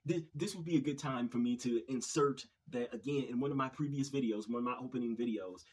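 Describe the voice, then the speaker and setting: Male video host, husky mid-range voice, halting and repetitive, exasperated sighs between thoughts. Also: mid-range voice, darkish tone, poor audio. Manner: hesitant, repeats words, frequent sighs. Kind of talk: opinion commentary monologue.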